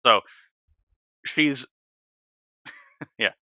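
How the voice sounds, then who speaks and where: A man's voice: medium pitch, drawn-out words. A man hosting a reaction video, talking casually in a rambling, blunt, opinionated way with many fillers.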